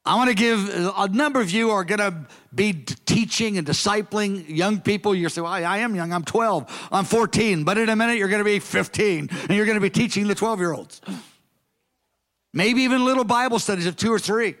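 A man in his sixties preaching a sermon to young people, earnest and emphatic, slowing down to stress key phrases. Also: high-pitched, fairly bright tone. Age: 60s. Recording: long hall reverb.

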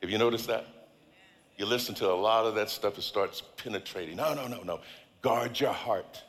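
Deep-voiced preacher man in a reverberant hall. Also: moderate pace. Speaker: guest speaker. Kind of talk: sermon. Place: large church hall.

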